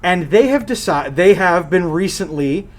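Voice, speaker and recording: A man co-hosting a casual gaming podcast, talking in an animated, jokey way and swearing now and then. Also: sits high, moderate pace. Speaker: podcast co-host.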